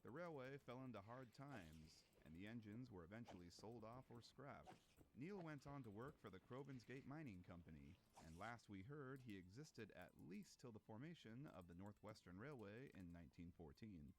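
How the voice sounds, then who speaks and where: A man reading scripted narration in an informative, measured way. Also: on the low side, lively intonation, a little hiss or hum.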